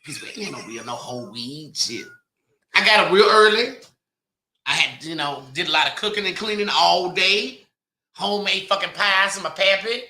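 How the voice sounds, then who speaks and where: A woman co-hosts a podcast with loose, raunchy joking, often sinking into low mutters. Her voice is high and very bright, and it swings widely in pitch. The sound has a noticeable roomy echo. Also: lively intonation, moderate pace. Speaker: podcast co-host. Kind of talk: raunchy casual banter.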